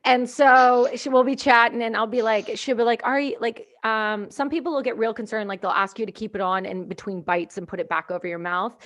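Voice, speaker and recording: A woman from Canada hosting a podcast, telling stories in an animated way and acting out what people said. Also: on the high side, a little fast, hardly any pauses. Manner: animated storyteller, acts out quotes, swings loud. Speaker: podcast host. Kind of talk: casual podcast chat.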